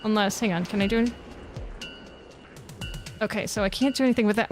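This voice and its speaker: Over music, a woman streams a horror game live, reading its text aloud, talking to herself, panicking and cursing at the game. Her mid-range voice moves quickly but with long pauses.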